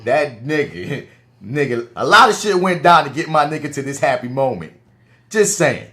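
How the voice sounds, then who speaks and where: A man's voice: fairly high pitch, lively intonation, moderate pace, fairly bright tone. A man co-hosting a podcast in casual chat, egging his friend on with short laid-back remarks. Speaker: podcast co-host.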